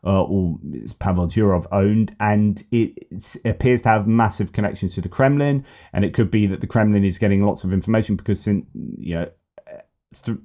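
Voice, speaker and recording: A man's voice: fairly low pitch, moderate pace, warm tone. A man hosting a casual news commentary vlog, wry and opinionated, thinking aloud as he goes. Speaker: news commentator and channel host.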